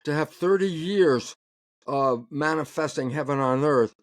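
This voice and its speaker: A biologist appears as an interview guest, his voice on the high side and a little slow, captured in clean studio sound with no echo. He talks emphatically, often laughing mid-sentence and acting out both sides of dialogues in animated, conversational interview talk.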